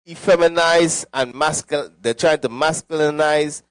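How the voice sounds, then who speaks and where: A man's voice: a little high, a little slow, clean tone, no echo. A young man serving as a deacon, speaking loosely and conversationally in a classroom, laughing at his own jokes. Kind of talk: classroom teaching.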